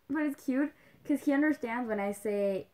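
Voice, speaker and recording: Young woman, livestream host, casual chat, rambling, lots of "like", Spanish phrases mixed in, higher voice. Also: a little slow, dark tone. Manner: chatty, rambling, with many "like"s and little laughs.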